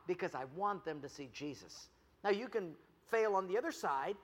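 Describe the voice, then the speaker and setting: A man preaching a sermon as pastor, animated, telling stories and putting on voices for the people he quotes. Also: high-pitched, normal speed. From United States. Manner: animated storytelling with jokes and acted quotes. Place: church. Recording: long reverb of a church hall.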